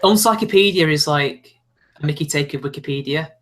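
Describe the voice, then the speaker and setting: A man's voice: on the high side, fairly quick, a little hiss or hum. A young man from South Manchester with a Mancunian accent, chatting casually as a channel host, laughing often and wandering off topic. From South Manchester, England. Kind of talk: casual chat.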